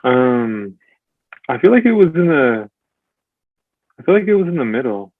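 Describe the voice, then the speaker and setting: A man's voice: medium pitch, big pitch swings, dry recording, phone-quality sound. A man as a podcast guest in casual chat, recalling his past hesitantly. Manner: hesitant, recalls things slowly.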